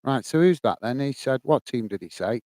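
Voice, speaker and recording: A man's voice: mid-range voice, expressive, a little fast, a little mellow, no room sound. A man hosting a casual livestream, chatting to viewers, calling them mate, and reading out their comments. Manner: reads out chat comments. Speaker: livestream host.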